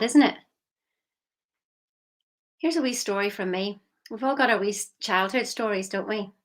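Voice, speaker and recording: A woman's voice: medium pitch, fairly bright tone. A woman giving a motivational talk, telling a story in a chatty way and asking listeners questions. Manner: chatty, asks the listener questions, drops to a whisper for emphasis. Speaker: motivational coach.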